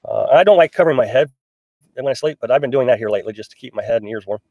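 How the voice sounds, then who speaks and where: A middle-aged man speaks rapid-fire in a mid-range, animated, slightly mellow voice while hosting a casual live stream from a small pop-up camper. He reads viewer comments and answers them chattily, rambling with many restarts and fillers. The recording is muffled, with no room sound.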